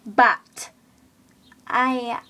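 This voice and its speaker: Teen girl ranting storytime vlog, fast chatty fillers, slightly high voice. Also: fairly even intonation, pushed and bright. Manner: indignant, chatty, filler-heavy. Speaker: vlogger. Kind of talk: casual storytime rant.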